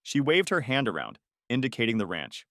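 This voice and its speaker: A man's voice: medium pitch, wildly swooping pitch, brisk, fairly bright tone, dry recording, studio quality. A man in his thirties narrating his own story in a blunt, plain-spoken way. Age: 30s. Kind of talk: first-person story narration.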